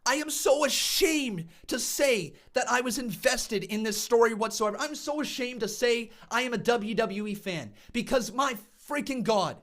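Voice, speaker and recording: Man, live reaction streamer, furious rant, shouting, very bright tense voice. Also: very high voice, animated, normal speed, hardly any pauses. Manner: furious ranting, shouting and swearing; repeats words in angry bursts.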